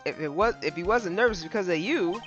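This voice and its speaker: A man's voice: high voice, lively intonation, a little fast. A man doing a cheeky, bubbly teen girl sidekick. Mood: teasing. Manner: teasing, bubbly. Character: cheeky teenage girl assistant, playful. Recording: dull lo-fi stream mic. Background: game music.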